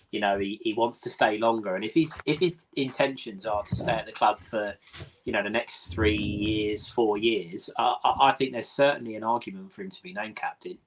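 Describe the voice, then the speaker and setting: A man co-hosting a live football podcast, weighing up points in a thoughtful, measured way. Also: medium pitch, a bit bright. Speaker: podcast co-host. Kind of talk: casual live podcast chat.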